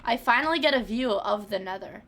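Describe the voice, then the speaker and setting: On her casual game stream, a young woman talks in a highish, animated voice, fairly quick and fairly bright. She swears freely and keeps restarting her sentences, with slight background noise.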